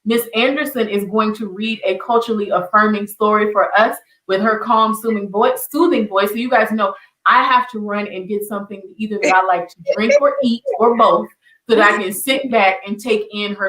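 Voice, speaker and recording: A woman's voice: mid-range voice, a bit bright. Woman host, echoey and distant. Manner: measured, emphatic, speaks to viewers directly. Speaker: show host. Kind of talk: online talk show hosting. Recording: echoey room, far from mic.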